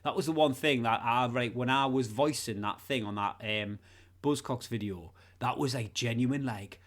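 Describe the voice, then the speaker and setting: A man's voice: medium pitch, normal speed, fairly bright tone. A man with a Geordie accent and a son, co-hosting a podcast in casual chat, rambling through stories with swearing and laughs. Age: adult with a son. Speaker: podcast co-host.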